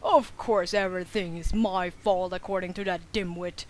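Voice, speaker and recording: A woman's voice: lowish voice, fairly even intonation, moderate pace, lightly acted. A woman doing a sheepish, remorseful young man. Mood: regretful. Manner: sheepish, self-blaming. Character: remorseful young man fretting over a lost horse. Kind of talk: reading game dialogue aloud.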